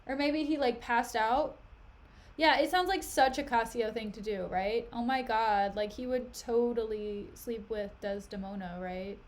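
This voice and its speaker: A woman's voice: on the high side, a little slow, a little hiss or hum. A young woman streaming herself reading a play aloud, recapping it in a chatty, giggly way full of "like" and "you know". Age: young adult. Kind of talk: casual reading and commentary.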